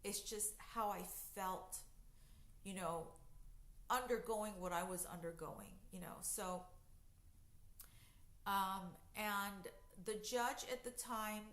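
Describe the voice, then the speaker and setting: A woman's voice: mid-range voice, takes it slowly, long pauses, a bit bright. A woman telling her own story in a casual storytime vlog, conversational with many fillers and emphatic bursts. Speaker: vlogger recounting jail experiences. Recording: echoey room.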